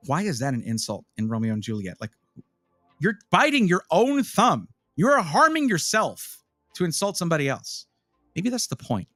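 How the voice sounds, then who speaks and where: A male streamer talks through PC builds in a loose, animated way, his voice sitting a little high and swinging widely in pitch. He wanders off topic and answers his chat as he goes. The sound is dry and close, with faint music underneath. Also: unhurried, no echo. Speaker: streamer reviewing gaming PCs. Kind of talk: casual live-stream chat.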